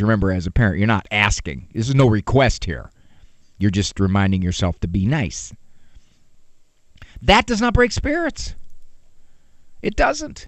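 A man giving a humorous parenting talk, animated, with joking asides and rhetorical questions. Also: medium pitch, a little slow, long pauses, dry recording. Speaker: parenting speaker.

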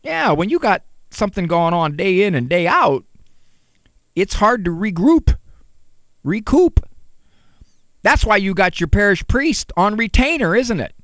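A man giving a humorous parenting talk, animated, with joking asides and rhetorical questions. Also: sits high, measured pace, long pauses, dry recording. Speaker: parenting speaker.

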